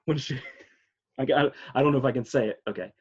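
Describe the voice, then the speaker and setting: Male podcast co-host, mid pitch, giggly and rambling, slightly muffled lo-fi audio. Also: a little fast, husky. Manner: laughs often, animated and rambling. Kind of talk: casual chat about films.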